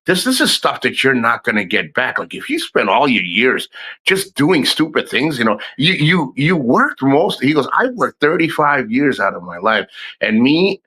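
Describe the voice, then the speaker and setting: Animated rambling man in his fifties. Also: medium pitch, normal speed, husky, poor audio. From United States. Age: 50s. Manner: rambling, profane, frequent restarts. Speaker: vlogger. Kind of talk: casual chat.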